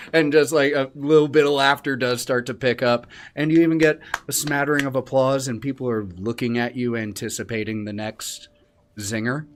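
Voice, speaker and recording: A man's voice: mid-range voice, steady tone, moderate pace. An easygoing man narrating as game master, laughing often.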